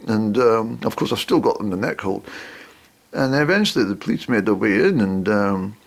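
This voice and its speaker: Guy rambling thru a silly story, lots of ums, husky voice going up and down a lot. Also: lowish voice, expressive, moderate pace. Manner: rambling, hesitant, full of ums.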